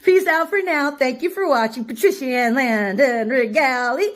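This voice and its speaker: A woman's voice: high-pitched, moderate pace. A woman telling a rambling story in a casual vlog, laughing often and swearing freely. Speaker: vlogger. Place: her cousin's home.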